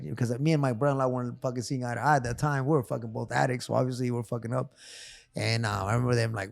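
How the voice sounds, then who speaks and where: A man's voice: medium pitch, very fast, vocal fry, a little mellow, no echo. A man guest telling a personal story on a casual podcast, emotional and profane, repeating phrases. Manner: repeats phrases, calls host big dog. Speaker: therapist guest.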